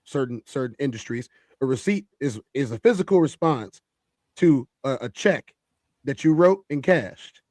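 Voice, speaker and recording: A man's voice: medium pitch, expressive, moderate pace, a little mellow, no room sound. A man hosting a reaction commentary, emphatic and repeating phrases for effect. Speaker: host.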